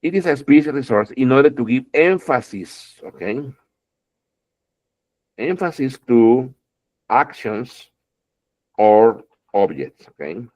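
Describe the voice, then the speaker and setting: A man's voice: mid-range voice, expressive, slow pace, long pauses, darkish tone. A man teaching an online English grammar lesson, often checking in with "okay?" and repeating words as he explains. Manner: keeps checking in with "okay?", repeats words, addresses students fondly.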